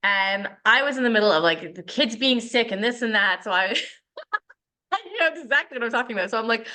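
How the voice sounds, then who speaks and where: Podcast co-host: animated woman storyteller, high and bright. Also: fairly quick. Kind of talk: casual chat.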